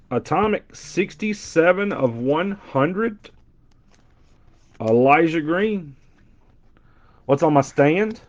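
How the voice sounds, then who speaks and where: Middle-aged Southern guy, twangy, playful live-stream banter, slightly high voice, dull audio. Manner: joking, animated banter with chat, loud impressions. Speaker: card breaker. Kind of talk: casual live card-break chat.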